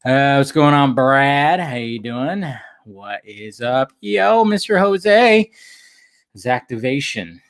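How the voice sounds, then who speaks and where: A man's voice: medium pitch, animated, slow, clear, resonant tone. Upbeat man hosting a livestream. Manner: upbeat, greets chat viewers by name. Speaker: livestream host. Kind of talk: casual livestream chat.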